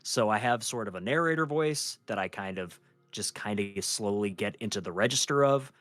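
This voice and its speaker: A man who narrates horror stories, calmly explaining his habits as a guest in a casual podcast chat. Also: fairly low pitch. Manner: measured, explanatory, soft projected delivery.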